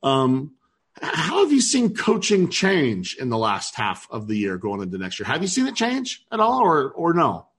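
This podcast host runs a business show as an enthusiastic, effusive interviewer, reacting eagerly and asking questions. His voice is a little high and a bit bright, with huge swings in pitch at a normal speed.

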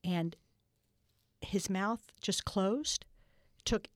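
An older woman telling stories in an interview, earnest and halting with many restarts. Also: medium pitch, no echo, studio quality. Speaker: guest. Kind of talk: storytelling in a podcast interview.

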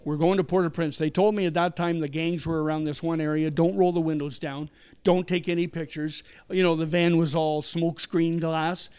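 A middle-aged man from Canada, a missionary guest telling a story with animated delivery and acted-out quotes. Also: a little high, normal speed, clean tone. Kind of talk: storytelling interview.

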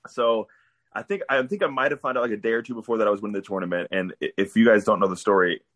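Husky low-voiced man telling a story. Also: very fast. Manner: animated storyteller, laughs while telling. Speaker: guest wrestler. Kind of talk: casual podcast storytelling.

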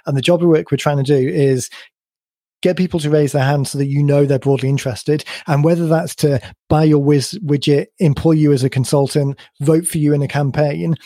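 A man hosting a podcast, explaining his points at length in an emphatic conversational way, his voice a little croaky. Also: fairly high pitch, steady tone, brisk, warm tone, dry recording, studio quality. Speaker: podcast host.

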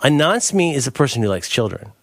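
Playful middle-aged man, lively riffing. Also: mid-range voice, a little fast, no room sound, studio quality. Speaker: podcast co-host. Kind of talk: casual chat.

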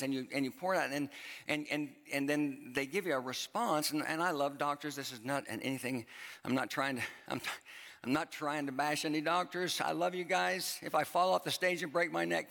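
A man's voice: fairly high pitch, brisk, creaky, a bit bright. A man preaching a sermon from a church stage in a conversational way, repeating phrases for emphasis. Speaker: pastor. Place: church auditorium with long reverb. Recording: reverberant hall.

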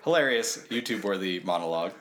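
A man's voice: low-pitched, expressive, quick pace, fairly bright tone, a little hiss or hum. A man co-hosting a casual comedic podcast, presenting nominees with dry, wry jokes. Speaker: podcast co-host.

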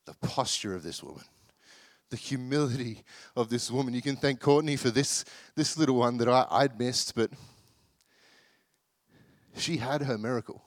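A man's voice: medium pitch, moderate pace, long pauses, no echo. Chatty man preaching, dry sound. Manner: chatty, self-deprecating, acts out the people in the story. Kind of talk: casual sermon.

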